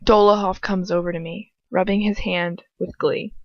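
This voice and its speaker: Low-voiced woman reading fan fiction. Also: fairly even intonation, moderate pace, dry recording, muffled recording. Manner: chatty asides, laughs at herself. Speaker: amateur audiobook reader.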